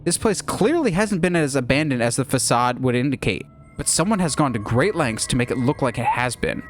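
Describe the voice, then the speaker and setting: Animated male narrator, mid-pitched, eager storyteller. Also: a little fast, slight background noise. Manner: animated, lively. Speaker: narrator pitching a movie idea.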